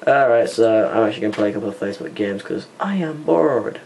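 Talking fast with lively intonation, this young man has a lowish, gravelly, slightly mellow voice as he rambles through a home vlog at his computer, swearing at the game he's playing and mumbling under his breath. Audio comes from a hand-held camera mic in a noisy home setting.

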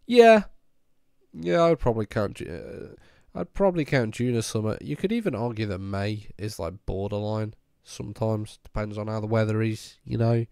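A man's voice: fairly low pitch, normal speed, vocal fry, hardly any pauses, warm tone, smooth, no echo, clean studio sound. A young man streaming and chatting casually with his viewers, ill and with a voice that keeps cracking. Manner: chatty, laid-back, answers viewers one by one. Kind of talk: casual chat with live viewers.

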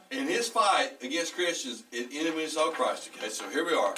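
Male pastor, fairly high and bright, animated storyteller, heard from a distance in a church. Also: moderate pace, a little hiss or hum. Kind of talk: storytelling sermon with congregation. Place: church hall.

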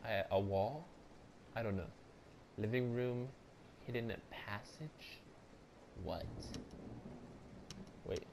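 A man giving jumpy, profane let's play commentary, breaking into loud frightened outbursts. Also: on the low side, takes it slowly, long pauses, noisy background. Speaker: gamer.

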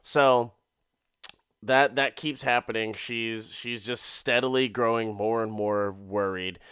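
A man's voice: on the low side, fairly even intonation, takes it slowly, fairly bright tone, clear, resonant tone, no echo, studio quality. Profane rambling man recapping an episode. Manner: profane, rambling, filler-heavy storytelling. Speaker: podcast host. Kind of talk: casual comedic episode recap.

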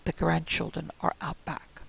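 A man voicing a wary, grandmotherly old woman who speaks slowly and suspiciously. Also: fairly high pitch, monotone, creaky, a bit bright, breathy edge, full character voice. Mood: sweetly.

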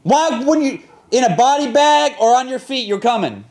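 A man with a very high, thin voice plays a deputy in live role-play voice chat. He is brash and foul-mouthed and needles his target relentlessly. His voice comes through a close headset mic. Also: animated, moderate pace, a little mellow. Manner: brash, profane, taunting. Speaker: player acting as a sheriff's deputy.

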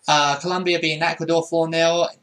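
A man's voice: a little high, little pitch movement, fairly quick, fairly bright tone. A young man giving casual commentary over a football video game, often frustrated and swearing at it. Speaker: gaming YouTuber.

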